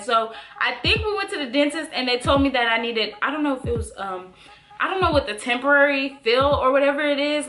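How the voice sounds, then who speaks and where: Young woman vlogger, high pitched, chatty storyteller, music bed. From Bay Area, California. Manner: animated, many "like" fillers, addresses viewers as "y'all". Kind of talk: casual storytelling.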